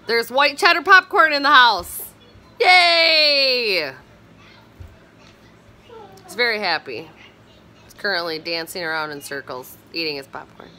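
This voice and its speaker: A tired woman in her thirties chatting on a casual morning vlog at home, filmed on a phone camera, chatty and animated with sing-song teasing. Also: on the low side, slight background noise. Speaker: vlogger. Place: home, indoors.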